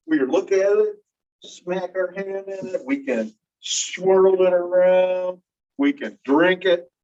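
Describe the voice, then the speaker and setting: A man lectures a class in an explanatory way, pausing to put questions to the students. His voice sits a little high for a man. He is heard from away from the microphone, and the recording sounds dull. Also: fairly even intonation, a little mellow. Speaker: teacher. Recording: distant, dull room recording.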